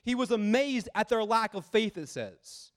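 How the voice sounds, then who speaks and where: A man preaching a sermon, earnest and emphatic, talking conversationally with rhetorical questions and moving between loud and quiet passages. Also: high-pitched, lively intonation, a little slow.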